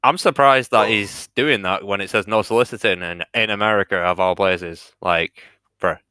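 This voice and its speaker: A man co-hosting a podcast, throwing in loud joking reactions during casual chat. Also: on the low side, moderate pace, clear, resonant tone, no echo. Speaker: podcast co-host.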